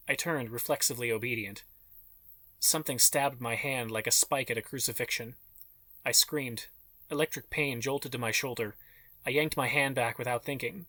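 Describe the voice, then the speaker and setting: Bright-voiced male audiobook narrator. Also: medium pitch, no room sound. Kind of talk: scripted narration.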